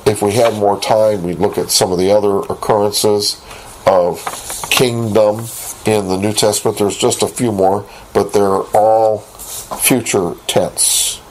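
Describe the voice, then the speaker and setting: A man teaching a Bible lesson, reading scripture aloud and posing rhetorical questions in a deliberate way. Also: lowish voice, steady tone, darkish tone, slight background noise, low-quality recording. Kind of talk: recorded Bible study lesson.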